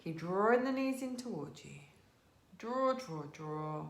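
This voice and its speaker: A woman teaching a live online yoga class from her living room, giving gentle, encouraging cues and greeting students by name. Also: medium pitch, expressive, measured pace, echoey room. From England.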